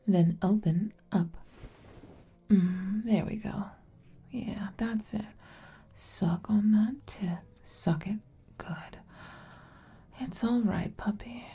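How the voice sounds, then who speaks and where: A domineering older-sister figure voiced by a woman in an adult audio role-play. She speaks slowly and teasingly, with a gravelly, fry-edged tone. Her manner is commanding and breathy. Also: mid-range voice, warm tone, heavily acted. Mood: soft, whispery.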